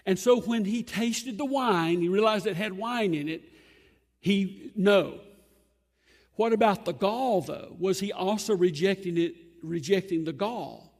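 A man preaching an earnest sermon, emphatic and pausing often between phrases. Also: high-pitched. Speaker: pastor. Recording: long hall reverb.

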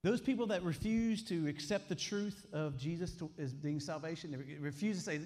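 A man's voice: high-pitched, lively intonation, normal speed, darkish tone. A man, preaching a sermon with emphatic call-and-response lines. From Alabama, US. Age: 40s. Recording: long hall reverb.

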